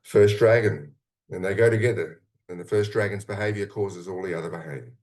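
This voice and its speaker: A man with a notably deep, low voice leads a guided meditation. He talks in a slow, calm, soothing way, breaking his thoughts into short phrases with long pauses. He sounds middle-aged. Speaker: mentor leading a guided meditation.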